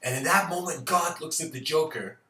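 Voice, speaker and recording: A man's voice: on the high side, a little fast, bright, forceful tone, distant mic. A man giving an informal spiritual lecture, rambling, laughing often and using lots of fillers. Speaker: speaker. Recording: roomy echo.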